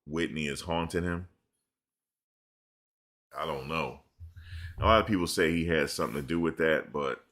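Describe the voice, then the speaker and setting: A man talks loosely into his streaming camera, with a very low voice. His tone is bright and forceful as he rambles through slangy stories and answers viewers' questions. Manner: loose, rambling storytelling with slang, reads chat questions aloud. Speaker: live-stream commentator. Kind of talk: casual live-stream chat. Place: at home in front of a camera.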